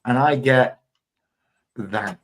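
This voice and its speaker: A man's voice: medium pitch, extremely slow. A man hosting a casual online quiz, rambling and teasing his panel. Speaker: quiz show host.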